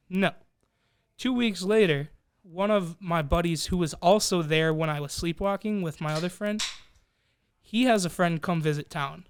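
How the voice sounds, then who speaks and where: A young podcast co-host with a slightly high, smooth voice tells a wild story casually among friends, swearing and animated as he acts out quoted voices. The sound is studio quality with no room sound.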